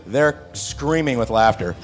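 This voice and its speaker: A man telling an anecdote to an audience in a hall, animated and acting out the other people's voices. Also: medium pitch, unhurried, soft background music. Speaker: actor telling a set anecdote. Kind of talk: onstage storytelling. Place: stage before an audience in a hall.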